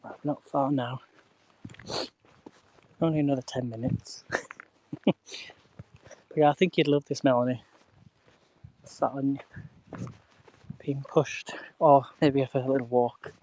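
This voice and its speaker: A man talks easily to his live-stream viewers as he walks a canal towpath outdoors. His voice sits in an ordinary middle pitch, and he greets people by name and chuckles often. It sounds like a phone held up while he walks. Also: steady tone, slow, long pauses, a little mellow. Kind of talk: casual live-stream chat while walking.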